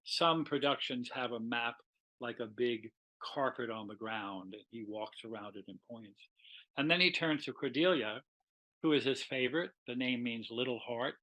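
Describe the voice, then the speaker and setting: A man lecturing on literature in a relaxed, talkative way, acting out bits of dialogue as he goes. His voice is bright and has an edge. He sits at a middling pitch for a man. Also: normal speed, rough recording. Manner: animated, conversational retelling with quoted dialogue.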